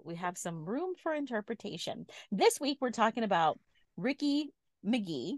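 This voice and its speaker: A woman's voice: medium pitch, very animated, normal speed, dry recording. A woman co-hosting a podcast, telling a story in a chatty way and laughing easily. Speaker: podcast co-host. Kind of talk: casual chat, storytelling.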